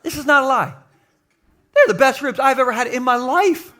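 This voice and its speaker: A middle-aged man, a pastor, preaching a jokey, animated sermon to a live congregation in a church. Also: extremely high pitch, fairly quick. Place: church sanctuary with live audience.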